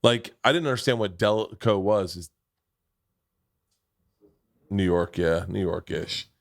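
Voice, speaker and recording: A man's voice: deep voice, slow pace, vocal fry, no room sound. A man from Florida in casual podcast chat, rambling and crude, close on a studio mic. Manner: rambling, crude, jumps into impressions.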